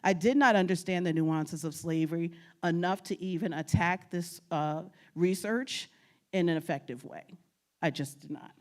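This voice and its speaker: A woman's voice: on the low side, normal speed. A woman from New York giving a humorous talk on genealogy research, telling stories, laughing often and talking straight to the audience. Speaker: guest speaker on genealogy.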